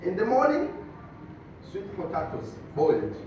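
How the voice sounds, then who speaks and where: A man with a Tanzanian accent doing a stand-up comedy routine, telling animated stories and slipping into Swahili. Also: high voice, a little slow, background noise. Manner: animated storytelling, switching between English and Swahili. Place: comedy club stage. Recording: echoey distant muffled club recording.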